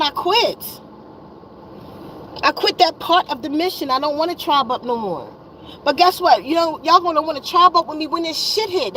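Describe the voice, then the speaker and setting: A woman's voice: high voice, bright, forceful tone, slight background noise, rough recording. A woman in her fifties venting to her viewers, tired and exasperated, blunt and profane, often repeating herself. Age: 50s. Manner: weary and exasperated. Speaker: wellness vlogger.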